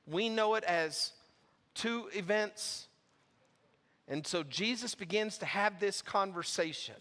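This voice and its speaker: A man's voice: high-pitched, slow, pushed and bright, big-room sound. A man preaching a sermon as pastor, casual and conversational as he reads and explains scripture. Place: church sanctuary.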